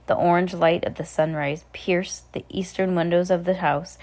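Woman, casual read-aloud to a child at home, lowish, self-correcting. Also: steady tone, normal speed, darkish tone. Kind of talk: reading a storybook aloud.

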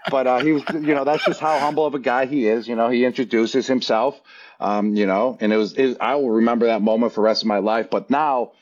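A man in his thirties, a former football player, telling stories casually as an interview guest, lively and jumping up in pitch when he acts out quotes. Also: a little fast, highs cut off. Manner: animated, jumps up in pitch acting out quotes. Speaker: guest, former tight end.

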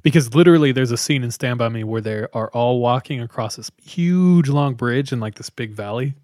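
A man's voice: mid-range voice, a little mellow, no room sound, studio quality. A young man co-hosting a podcast, joking around in casual chat and laughing often. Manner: joking, quick to laugh, says "dude". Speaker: podcast co-host.

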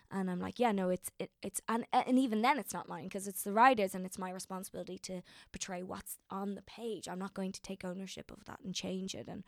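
Gravelly-voiced chatty young woman actor. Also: medium pitch, dry recording, studio quality. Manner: emotional, rambling, many fillers and restarts. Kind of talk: casual interview chat.

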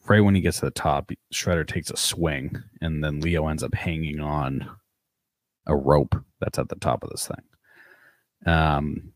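A man's voice: rumbling low, dry recording. A man co-hosting a podcast, loosely recapping a cartoon episode and swearing freely as he goes. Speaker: podcast co-host.

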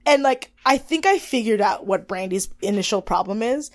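A young woman co-hosting a casual recap chat, animated, acting out quotes in high voices and swearing freely. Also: normal speed, no room sound. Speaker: podcast co-host.

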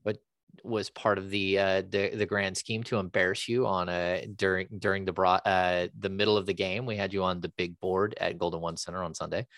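A man hosting a sports podcast, talking casually with halting restarts and fillers. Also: low voice, little pitch movement, a bit bright, dry recording. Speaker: podcast host.

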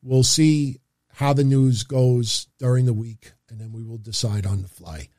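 A man's voice: medium pitch, steady tone, measured pace, a little mellow, dry recording, studio quality. A man hosting a podcast, talking straight to his listeners in an upbeat, chatty way as he wraps up the show. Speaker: podcast host. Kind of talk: casual show sign-off.

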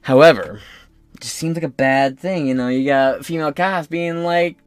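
Male podcast host, slightly high voice, dry sound, crude heated rant. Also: moderate pace, clear, resonant tone, dry recording. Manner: blunt, crude, heated, mocking. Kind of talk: profane opinion rant.

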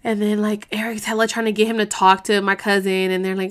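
A young woman tells a story straight to her viewers. She talks in loose slang, swears freely and jumps into quoted voices from line to line. Her pitch sits in the middle range for a woman. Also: little pitch movement, fast talker, few pauses, smooth. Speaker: vlogger. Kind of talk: casual storytelling to camera.

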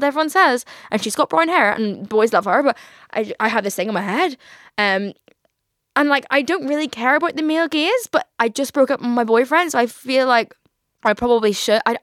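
A woman's voice: a little high, lively intonation, fairly quick, dry recording, clean studio sound. A young woman hosting a podcast, chatting casually and confessionally, rambling with lots of fillers and casual swearing. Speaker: podcast host.

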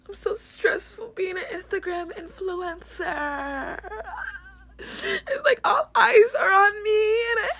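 A woman's voice: very high voice, lively intonation, takes it slowly, voice pushed up, full character voice. A woman voicing a whiny young female influencer who wails and cries about her life. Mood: sobbing self-pity. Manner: wailing, crying and shouting.

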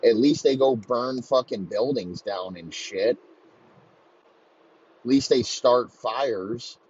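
Swearing constantly, a man mocks and rants crudely for comic effect, his medium-pitched voice husky and darkish as he takes his time. Faint background noise runs under the slightly muffled, lo-fi audio.

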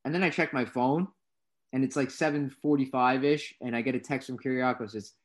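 Young guy cohost telling pizzeria stories, gets loud acting out his reactions. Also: mid-range voice, a little fast. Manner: animated storytelling, voices his own reactions loudly. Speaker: co-host. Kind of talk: casual podcast chat.

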